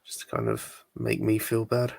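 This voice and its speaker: A man's voice: fairly low pitch, sing-song, normal speed, creaky, darkish tone, breathy edge. A British man in a casual chat, teasing and joking with the host. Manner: teasing, jokey. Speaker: chat guest.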